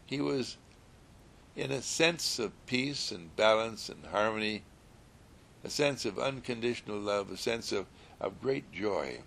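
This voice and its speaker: Slow, gravelly-voiced man telling a story. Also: lowish voice, animated, a little hiss or hum. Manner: soothing, gentle, repetitive affirmations.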